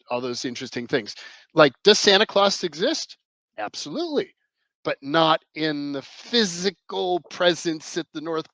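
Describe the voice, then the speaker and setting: A podcast guest with a fairly high, slightly bright voice explains his ideas in a rambling, emphatic way, restarting often. The recording is low quality, though without echo.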